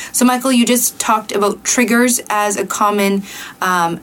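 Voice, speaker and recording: A woman hosting a radio talk show, asking her guest questions and clearly reading out contact details. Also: mid-range voice, measured pace, a bit bright. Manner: clear, reads station plugs and contact details.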